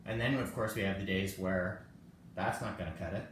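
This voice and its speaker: A man's voice: sits low, steady tone, a little fast. Chatty man leading a yoga class. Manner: chatty and self-joking, laughs often. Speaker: yoga teacher. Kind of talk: casual live-streamed yoga class. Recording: echoey room, distant mic, faint noise.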